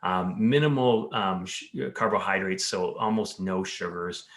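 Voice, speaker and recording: A man's voice: sits low, measured pace, fairly bright tone. A man in an interview who explains health ideas in an earnest, coaching way, now and then acting out the words of his patients. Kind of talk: interview conversation.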